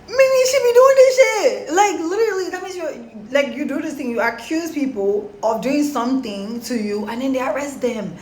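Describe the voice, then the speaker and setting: A young woman telling a story casually to her followers, animated and slangy. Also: high-pitched, normal speed, hardly any pauses, slight background noise. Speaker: storytime vlogger. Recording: roomy echo, faint background.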